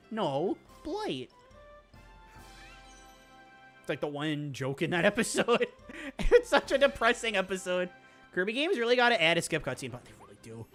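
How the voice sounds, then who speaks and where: A speedrunner giving excitable, rambling commentary over gameplay, with quick laughs and self-interruptions. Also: mid-range voice. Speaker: speedrunner streamer.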